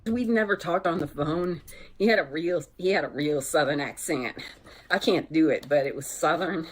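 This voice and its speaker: A woman's voice: deep voice, normal speed, a little hiss or hum. A woman vlogger telling candid dating stories in a casual, conversational storytime way. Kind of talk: chatty storytime vlog.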